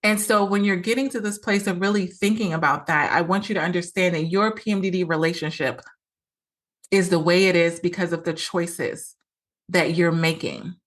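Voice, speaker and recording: A woman's voice: on the low side, fairly even intonation, moderate pace. A woman hosting a solo podcast, talking earnestly as a coach and acting out quoted lines with a lot of repetition.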